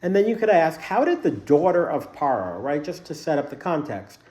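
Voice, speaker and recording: A man's voice: on the high side, sing-song, moderate pace, darkish tone, slight background noise. A man teaching a casual Bible study class to a group in a room, explaining the text by asking a string of questions.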